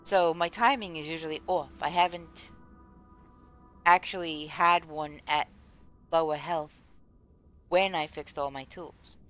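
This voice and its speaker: A woman's voice: low voice, steady tone, a little slow, pauses often, fairly bright tone, faint music behind. A woman streaming a game, chatting casually and rambling as she answers her chat. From United States. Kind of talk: casual live-stream chat while gaming.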